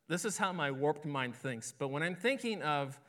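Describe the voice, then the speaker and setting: Bright-voiced male pastor preaching. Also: fairly high pitch, lively intonation, normal speed. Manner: conversational, asks "right?" often, repeats words. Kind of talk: sermon.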